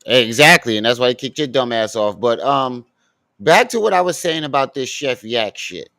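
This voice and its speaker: A man's voice: medium pitch, animated, normal speed, bright, forceful tone, no room sound. A man doing crude, mocking reaction commentary on clips, laughing as he talks.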